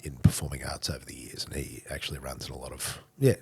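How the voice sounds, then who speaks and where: An Australian man hosting a podcast, telling stories in a blokey, joking and animated way. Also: rumbling low, quick pace, creaky, husky. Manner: animated storyteller, blokey and jokey. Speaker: podcast host. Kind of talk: casual podcast chat.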